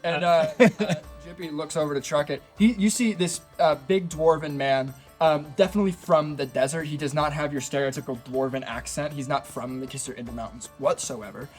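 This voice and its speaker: A man's voice: fairly high pitch, a little fast, hardly any pauses, faint music behind. A man narrating a tabletop game as dungeon master, casual and rambling with many fillers.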